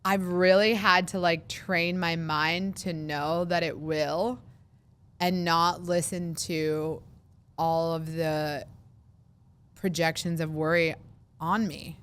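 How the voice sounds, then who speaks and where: A chatty woman in her thirties talking through a solo podcast episode. Her voice is smooth and clear and sits a little on the low side. She acts out fretful voices in quick asides. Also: little pitch movement, fairly bright tone. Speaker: podcast host. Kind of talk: casual solo podcast monologue.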